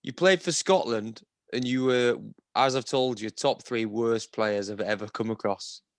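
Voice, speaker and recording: A man's voice: medium pitch, measured pace. A man in his thirties from northern England, a guest in a casual interview, answering in a laid-back, wry way. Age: 30s. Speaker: guest, former rugby player.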